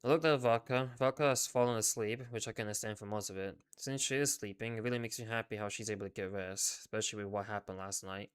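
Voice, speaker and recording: A male streamer reading a game story aloud in first person, in a subdued, low-key way with casual swearing. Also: fairly even intonation, quick pace, few pauses, clean tone. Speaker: VTuber streamer.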